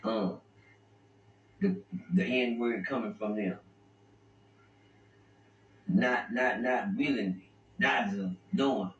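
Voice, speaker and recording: A man's voice: on the low side, takes it slowly, long pauses, dull audio. A man telling prison stories in casual talk, rambling and stammering over repeated words. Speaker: interview guest. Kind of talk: casual storytelling. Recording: echoey room, distant mic, faint noise.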